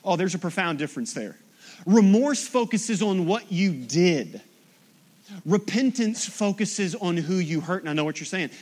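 A man with a fairly high voice preaches a sermon. He swings from loud, punchy emphasis to quiet, intense asides, with touches of humor. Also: lively intonation, moderate pace. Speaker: pastor.

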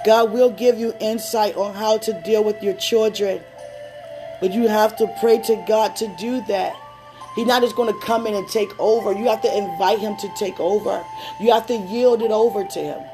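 A woman preaches and prays in a conversational sermon, her mid-range voice steady over music. She mixes in personal stories and laughing asides, slowing down when she prays.

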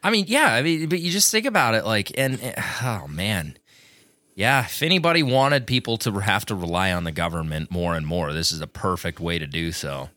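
Man, casual chat, lively bright voice, rambling and profane, dry room. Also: on the low side, brisk, dry recording.

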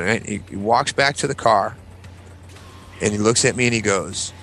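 A man's voice: on the low side, brisk, gravelly, faint music behind. A man casually telling a story on a podcast, swearing freely and acting out what people said. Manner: animated, swears freely, acts out quotes. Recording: faint background noise.

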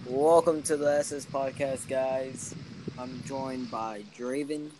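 A man's voice: medium pitch, steady tone, slow pace, noisy background. A teenage boy co-hosting a casual podcast, boasting and teasing his friends. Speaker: podcast co-host. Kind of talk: casual chat.

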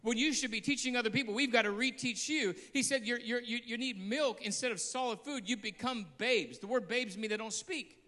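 High, bright-voiced man preaching fervently. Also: brisk, few pauses, big-room sound. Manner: passionate, bursts into shouts, storytelling with repeated phrases. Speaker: guest pastor. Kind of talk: preaching a sermon.

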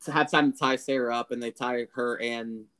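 A man co-hosting a podcast, casually recapping a film's plot and acting out lines in quick impressions. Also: mid-range voice, steady tone, a bit bright, clear, resonant tone. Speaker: podcast co-host. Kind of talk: casual spoiler review chat.

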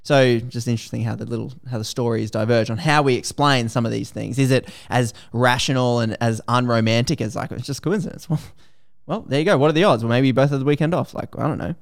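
An Australian man hosting a podcast, retelling a story in a casual, lively, slangy way. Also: medium pitch, quick pace, gravelly. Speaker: podcast host.

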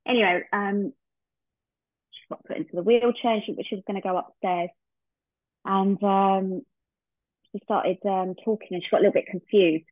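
Over a tinny, dry, phone-like line, a woman shares a heartfelt personal story as a guest in a podcast interview, acting out remembered dialogue. Her mid-range voice has fairly even intonation and a normal speed, with frequent pauses and no echo.

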